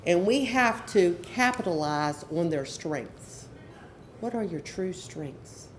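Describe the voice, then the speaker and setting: Middle-aged lady speaker at a conference, fairly low voice, earnest, keeps repeating the big points, little bit of hiss behind. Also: lively intonation, takes it slowly. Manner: earnest and emphatic, repeats key phrases. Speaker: conference speaker, educational counselor. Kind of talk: conference presentation to an audience. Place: conference session room.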